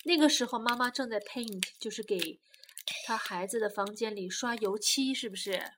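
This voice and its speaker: A woman's voice: a little high, normal speed, noisy background. A woman quizzing a child on a storybook, patiently asking leading questions during reading time.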